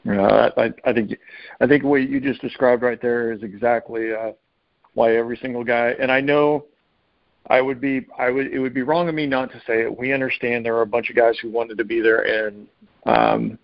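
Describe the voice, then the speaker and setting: A man's voice: medium pitch, fairly even intonation, normal speed, dry recording, dull audio. A man hosting a podcast, chatting in an upbeat, conversational way. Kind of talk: casual podcast chat.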